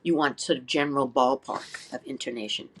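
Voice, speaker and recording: This older flute teacher, interviewed as a guest, has a very deep voice with a breathy edge and talks a little fast. She lays out practice methods lively, asks rhetorical questions often, and sings short syllables to show what she means.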